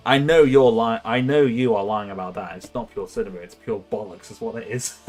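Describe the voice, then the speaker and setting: A man's voice: mid-range voice, moderate pace, few pauses, faint music behind. A young man chatting casually on a livestream, rambling and self-mocking, laughing often. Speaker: streamer.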